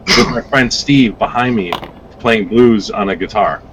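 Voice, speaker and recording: A man on a podcast as a guest vape reviewer, rambling through casual stories with lively acted-out quotes and some swearing. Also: on the low side, measured pace, a crowd in the background, poor audio. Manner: rambling, animated storytelling with swearing.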